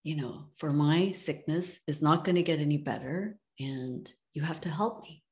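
A woman's voice: low voice, normal speed, darkish tone. A woman voicing an aging, sick wealthy man who talks in a pleading, wistful way.

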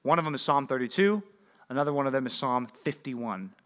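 Bright-voiced pastor teaching. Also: male voice, medium pitch, fairly quick. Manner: conversational, asks the audience frequent questions. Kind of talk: sermon teaching.

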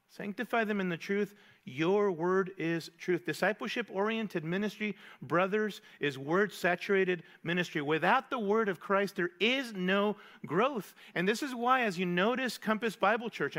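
A male pastor preaches to a men's Bible study in a high, bright voice. He drives his points home by repeating key words and firing questions at the listeners. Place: church meeting room.

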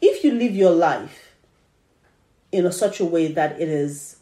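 A woman's voice: on the low side, lively intonation, a little slow, dark tone. A woman co-hosting a casual podcast, chatty and opinionated, often trailing off and restarting mid-thought. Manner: chatty, opinionated, trails off while searching her notes. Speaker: podcast co-host. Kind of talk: casual chat about dramas. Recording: echoey room.

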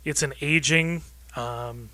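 Bright-voiced enthusiastic food guest. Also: male voice, fairly high pitch, slow, no echo. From Rochester, New York. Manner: enthusiastic, talks readily about food. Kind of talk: casual radio interview.

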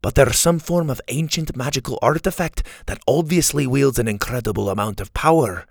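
A man's voice: mid-range voice, fairly quick, gravelly, no room sound, clean studio sound. A man voicing a knowledgeable young friend who explains history in a children's story. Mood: explaining. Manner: explanatory, informative.

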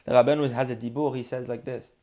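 A man's voice: mid-range voice, fairly even intonation, fast, dark tone. A man teaching a podcast Torah lesson, earnest and building to emphatic insistence.

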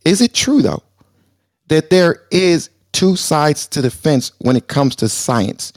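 A man co-hosting a live talk show, arguing hard and pressing his guest. His voice sits a bit high for a man, and it comes across dry and close to the mic. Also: no echo. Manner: loud and combative, then deliberately calming down. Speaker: show co-host.

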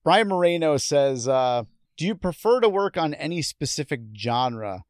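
A woman hosting a casual podcast chat, relaxed and quick to laugh. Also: deep voice, no echo, studio quality. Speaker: podcast host.

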